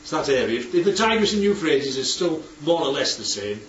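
A man teaches a Bible study group with a fairly high, very lively voice, often asking if his listeners agree. He sounds far from the mic in a roomy space. The recording is dull, with faint background ambience. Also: brisk, slight background noise. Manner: animated, asks for agreement often.

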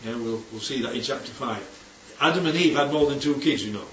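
In a brisk, mid-range voice with a fairly bright tone, a man informally teaches the Bible to a group and frequently asks whether they're following. It's a distant, dull, roomy recording with faint noise.

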